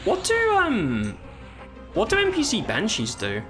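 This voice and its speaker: This game streamer has a high voice whose pitch swoops wildly, though his pace is measured. He swears and exclaims while commentating his live gameplay and chatting with viewers, as game music plays faintly underneath.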